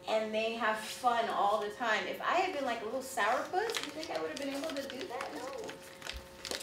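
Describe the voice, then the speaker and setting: A woman teaching artist talking casually and exuberantly about her career, with lots of animated exclamations. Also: medium pitch, a little hiss or hum. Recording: echoey room from a distance.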